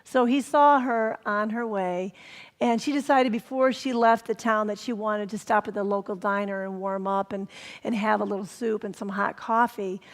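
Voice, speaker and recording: A woman reverend giving a sermon, telling stories gently and sometimes dropping to a whisper for emphasis. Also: medium pitch, steady tone, normal speed, long reverb tail. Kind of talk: sermon storytelling. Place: spiritual center hall.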